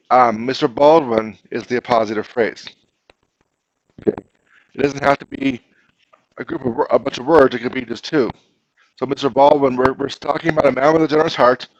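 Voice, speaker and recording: A man's voice: mid-range voice, no room sound. Male teacher, classroom grammar lesson, patient and questioning, dry slightly muffled sound. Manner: patient, explains step by step, asks the class questions.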